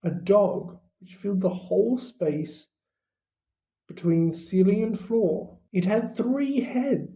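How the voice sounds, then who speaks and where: An audiobook reader narrates at an unhurried, deliberate pace in a mid-pitched voice. The delivery is measured and even. The sound is a little dull and muffled. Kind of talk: storybook narration. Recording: slightly muffled recording.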